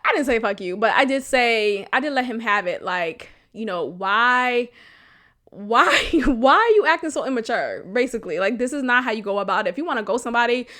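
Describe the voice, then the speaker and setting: A woman hosting a podcast, telling a personal story in a candid, animated way, swearing freely and laughing often. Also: a little high, fairly quick, hardly any pauses. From Boston area, US. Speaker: podcast host.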